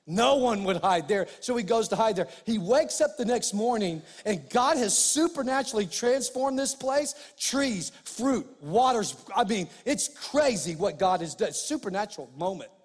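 A middle-aged male pastor preaching a sermon, animated, swinging between loud emphasis and quiet asides. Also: high-pitched, slightly rough, long reverb tail.

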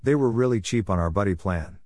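A man voicing a sullen, evasive boy caught buying things with a stolen credit card, in a low, dry storybook reading. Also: lively intonation, brisk, darkish tone, dry recording, lightly acted. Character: sly defiant boy, caught stealing, dodging.

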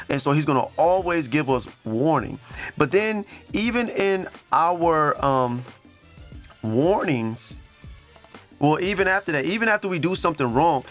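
A man's voice: a little high, fairly bright tone. A man hosting a faith podcast, talking earnestly and reading scripture aloud, with fillers and restarts and moments where he is close to tears. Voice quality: emotional, near tears at times. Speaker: podcast host.

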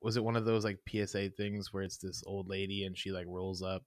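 A woman's voice: extremely low pitch, level tone, brisk, dry recording, clean studio sound. A woman in her twenties co-hosting a podcast in casual chat, jokey, laughing a lot and swearing freely. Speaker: podcast co-host.

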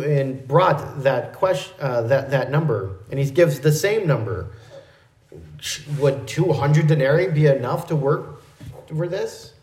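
A fairly high-voiced man preaching a verse-by-verse sermon. He explains carefully in a measured, teaching way. His voice rings around a roomy, echoing space. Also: a little mellow. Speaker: pastor. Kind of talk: expository sermon.

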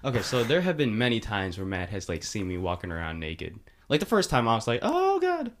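A man's voice: lowish voice, quick pace, a little hiss or hum. A young man telling a long, rambling story in casual chat, filling his talk with "like". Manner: animated, rambling, lots of "like".

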